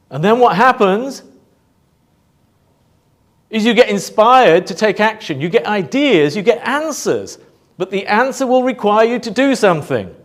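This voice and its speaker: A man giving a motivational talk to a live audience, asking rhetorical questions and pausing for emphasis. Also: sits high. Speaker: motivational speaker.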